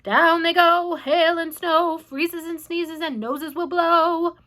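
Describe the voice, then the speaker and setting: A woman's voice: very high voice, steady tone, takes it slowly, sharp tone, pitched above the performer's own voice, full character voice. A woman voicing a crowd of gleeful cloud men chanting in a sing-song way in a storybook reading.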